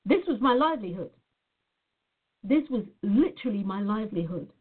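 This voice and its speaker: A woman's voice: mid-range voice, expressive, normal speed, husky. A woman from Nevada, a reflexologist, talking earnestly and reflectively to her viewers as "guys" in a casual spiritual talk. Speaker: reflexologist sharing a personal reflection. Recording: tinny phone-like audio.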